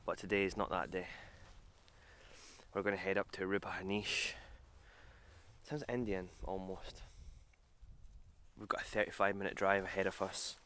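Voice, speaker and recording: A man's voice: sits low, little pitch movement, normal speed, long pauses, pushed and bright. A man talking casually to camera on a travel vlog, chatty and self-deprecating, on a hiking trail outdoors. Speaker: vlogger.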